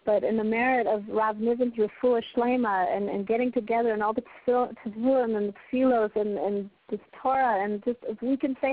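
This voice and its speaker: A woman's voice: on the high side, fairly even intonation, brisk, few pauses, a little hiss or hum. A woman giving a heartfelt Torah class over the phone, telling stories in an earnest, emphatic way. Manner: earnest, emphatic, storytelling with passionate rises. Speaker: Torah teacher. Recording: tinny phone line.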